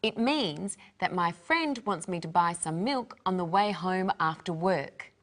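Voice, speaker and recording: A woman's voice: lowish voice, expressive, measured pace. Woman co-presenter explaining plainly. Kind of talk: casual scripted chat.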